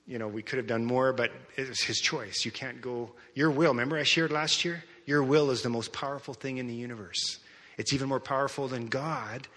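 A man preaching a sermon in a church, telling stories in a conversational, animated way. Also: mid-range voice, long reverb tail. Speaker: pastor. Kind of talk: sermon with storytelling.

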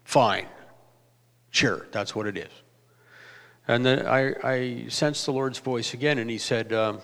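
A middle-pitched man in his fifties, a pastor, shares a personal testimony in the manner of a sermon. He speaks reflectively and haltingly, circling back and restarting his sentences. His voice carries a long reverberant tail, as if recorded in a large hall. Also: a bit bright.

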